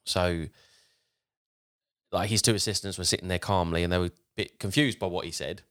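A man's voice: low voice, steady tone, brisk, fairly bright tone. A man hosting a podcast, telling a story casually, rambling along with frequent restarts. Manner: rambling, with frequent restarts while retelling a tale.

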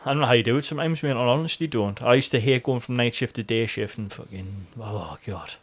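A man's voice: mid-range voice, quick pace. A man with a North East English accent, co-hosting a podcast in casual banter, swearing freely and joking around. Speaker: podcast co-host.

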